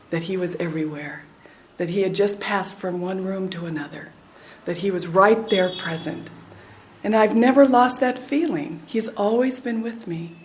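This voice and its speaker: An older woman, a spiritual teacher in her sixties from the United States, gives a devotional talk at a middle pitch. She speaks earnestly and sinks to a near-hush when the moment turns tender. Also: a little hiss or hum. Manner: earnest, drops to a soft hush at tender points. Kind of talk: devotional talk with a personal story.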